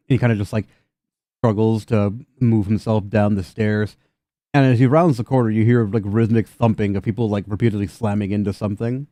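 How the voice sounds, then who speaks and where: A young man narrating a tabletop game as game master, rambling casually and filling pauses with "like". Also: lowish voice, fairly even intonation, dark tone, dry recording, clean studio sound. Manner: loose, rambling narration with many fillers.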